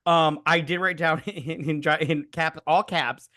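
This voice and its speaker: A man with a fairly high voice retells scenes from a movie on a casual review podcast. He acts out the characters as he goes, with lots of swearing, and keeps the energy high. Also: measured pace. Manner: animated storytelling, acting out characters with profanity. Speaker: podcast co-host.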